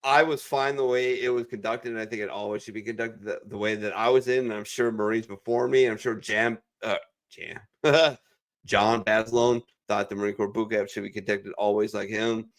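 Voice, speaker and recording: A man's voice: lowish voice, steady tone, normal speed. A man who is a former Marine, hosting a casual veterans' chat over a video call and telling stories in a rambling, heavily profane way. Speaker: veteran show host.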